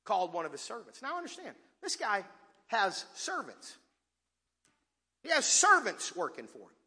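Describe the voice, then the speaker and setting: A man preaching a sermon with dynamic call-and-response delivery, swinging from soft asides to shouted points. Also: high-pitched, huge pitch swings, normal speed. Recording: long reverb of a large hall.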